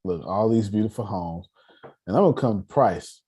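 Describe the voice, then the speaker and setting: Animated low-voiced man teaching money. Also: moderate pace, breathy edge. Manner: animated, calls on listeners, joking, lots of restarts. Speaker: meeting host teaching personal finance. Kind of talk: casual teaching talk.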